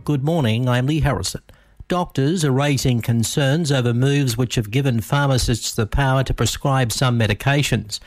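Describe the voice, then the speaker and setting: A man reading a radio news bulletin in a formal, even manner. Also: medium pitch, moderate pace, dry recording, soft background music. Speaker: newsreader. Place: radio studio.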